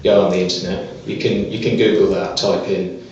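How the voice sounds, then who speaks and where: A man performing a stand-up comedy set on a small club stage, delivering deadpan one-liners with hesitant fillers. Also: deep voice, brisk, a little hiss or hum. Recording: echoey, distant, dull live club recording.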